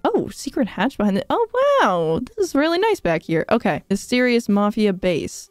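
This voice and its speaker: A young woman streaming a video game, reacting in excitable, squealing commentary as she plays. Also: medium pitch, normal speed, few pauses, no echo, faint music behind.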